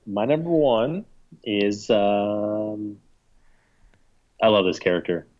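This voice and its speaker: A man co-hosting a casual chat show, speaking in a slow, measured way. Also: fairly low pitch, expressive, a little mellow, dull audio. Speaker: podcast co-host.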